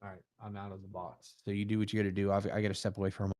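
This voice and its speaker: A man's voice: fairly low pitch, monotone, rapid-fire, darkish tone. A man casually explaining computer setup steps in a directive way. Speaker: tech helper. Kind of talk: casual instructions.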